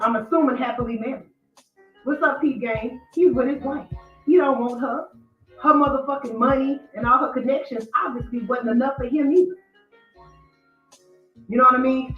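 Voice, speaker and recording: Woman ranting about drama on her show, kinda high voice, roomy and far from the mic, faint music behind. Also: lo-fi sound. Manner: blunt, profane, storytelling with mocking quotes. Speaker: commentary show host. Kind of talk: casual commentary monologue.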